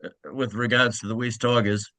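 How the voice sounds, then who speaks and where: A man's voice: medium pitch, little pitch movement, a little fast, sharp tone, no room sound. A middle-aged man, co-hosting a sports podcast with short, dry, laid-back remarks. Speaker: podcast co-host. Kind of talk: casual sports chat.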